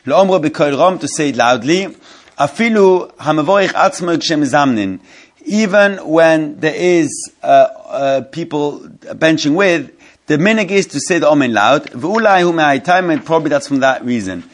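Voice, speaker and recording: A man teaching a Torah study class, reading Hebrew text quickly and then explaining it in English, often restarting phrases and asking his students questions. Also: fairly high pitch, lively intonation.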